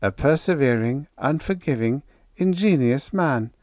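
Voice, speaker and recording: An audiobook narrator voicing Ermin, a calm, courteous male agent who speaks in a gentle, precise and formal way. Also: mid-range voice, unhurried, dry recording, clean studio sound, pitched above the performer's own voice, natural voice. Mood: measured, formal.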